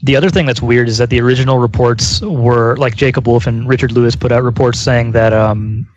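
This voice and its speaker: Male journalist, rapid delivery, dead-dry muffled line. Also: medium pitch, fairly even intonation. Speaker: podcast guest, journalist. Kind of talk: casual panel discussion. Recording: dry, dull call audio.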